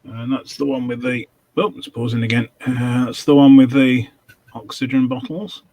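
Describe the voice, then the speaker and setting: A man chatting casually on a video call, halting and dry-humored, with frequent ums. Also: mid-range voice, fairly even intonation, darkish tone, dry recording, rough recording. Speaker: regular panelist.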